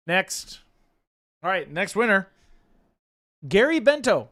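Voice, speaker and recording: Guy hosting a stream giveaway, yells names out, kinda slow talker, clean voice. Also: fairly high pitch, clean tone, no room sound, clean studio sound. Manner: calls out names loudly, joking. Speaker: livestream giveaway host. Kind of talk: casual livestream chat.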